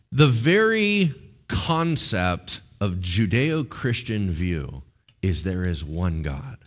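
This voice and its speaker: A man preaching a sermon, animated and joking, acting out voices as he tells a Bible story. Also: on the low side, slow. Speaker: pastor.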